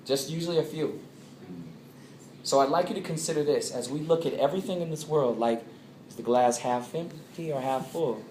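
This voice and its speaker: Lively man speaking to a crowd. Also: fairly high pitch, normal speed, slight background noise. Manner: animated, draws answers from the crowd. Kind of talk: interactive talk to a live audience. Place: coffeehouse. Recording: echoey room with loud ambience.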